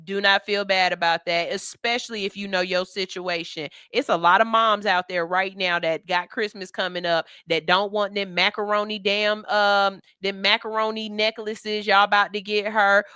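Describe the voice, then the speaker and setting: A woman's voice: medium pitch, bright, forceful tone, clear, resonant tone, no echo, clean studio sound. A woman with a Southern US accent hosting a radio show, talking bluntly and profanely in a preachy monologue. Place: radio studio. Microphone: studio mic.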